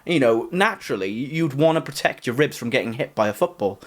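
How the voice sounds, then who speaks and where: A man's voice: medium pitch, lively intonation, brisk. A man from the UK co-hosting a casual chat podcast, rambling with lots of "like" and "you know". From United Kingdom. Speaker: podcast co-host.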